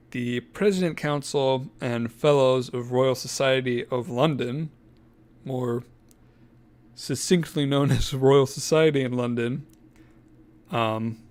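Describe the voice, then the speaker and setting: A man's voice: mid-range voice, darkish tone. A man co-hosting a podcast, reading from his notes in a casual, joking way and laughing mid-sentence. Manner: jokey, self-deprecating, laughs mid-sentence. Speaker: podcast co-host.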